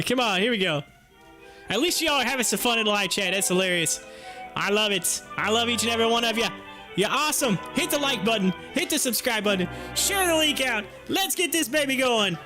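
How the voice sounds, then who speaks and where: A man's voice: extremely high pitch, wildly swooping pitch, a little fast, pushed and bright, soft background music. A young man hosting a live stream from home, chatting casually, joking and laughing often while he waits. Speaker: livestream host.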